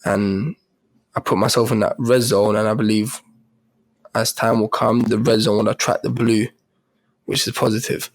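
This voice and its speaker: A man's voice: lowish voice, little pitch movement, normal speed, long pauses, no echo. A man who is a guest on a podcast talks earnestly about staying positive, repeating a simple image to make his point. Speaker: podcast guest, personal trainer. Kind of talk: casual interview conversation.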